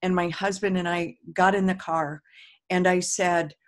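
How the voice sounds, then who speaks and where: A woman's voice: on the low side, level tone, a little slow. A middle-aged woman hosting a casual talk, speaking earnestly and with emphasis, and leading a tapping exercise with repeated affirmations. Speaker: host.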